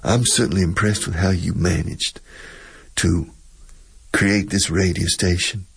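A man's voice: low voice, steady tone, measured pace, creaky, husky, heavily acted. A man voicing a folksy, plain-talking man with a Texas accent and a drawling, easygoing manner. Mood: folksy, impressed.

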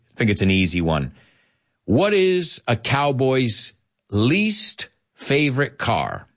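Animated husky American English teacher. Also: male voice, on the low side. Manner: animated, laughs at his own jokes, switches into Spanish to explain. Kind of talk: language lesson for Spanish speakers.

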